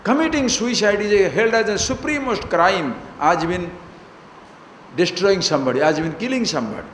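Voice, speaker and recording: A man's voice: sits high, lively intonation, moderate pace, fairly bright tone. Male spiritual teacher, emphatic, needling questions; roomy recording with faint hiss. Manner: playful and emphatic, prodding listeners with rhetorical questions. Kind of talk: spiritual discourse. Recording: echoey hall with faint noise.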